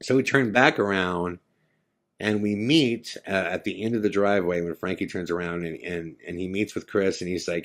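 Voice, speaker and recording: A man hosting a podcast, telling a story casually and animatedly, acting out his friends' lines in quick quotes. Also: low voice. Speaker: podcast host.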